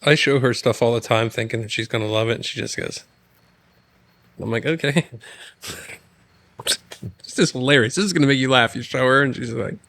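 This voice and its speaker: A man's voice: medium pitch, fairly quick, pauses often, a bit bright, no room sound. A male podcast host talks casually and laughs often in a studio with mics and headsets. The sound is dry and close. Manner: laughs often, jokes about friends. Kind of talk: casual chat.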